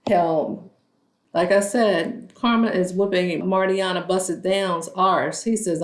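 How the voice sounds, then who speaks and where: A woman's voice: lowish voice, fairly even intonation, slow. A woman giving a casual, sassy recap of a reality show, gossiping and acting out what the cast said. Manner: sassy, gossipy, acts out quotes in shifting voices. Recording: roomy echo.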